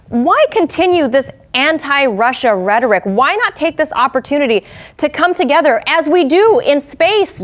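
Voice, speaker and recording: A woman anchoring a news interview, who sets up the story and asks her guest brisk, leading questions. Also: high voice.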